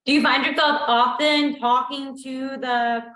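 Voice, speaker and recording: A woman's voice: high voice, fairly even intonation, measured pace, sharp tone, reverberant. A woman interviewing a guest, chatting casually with long, rambling questions.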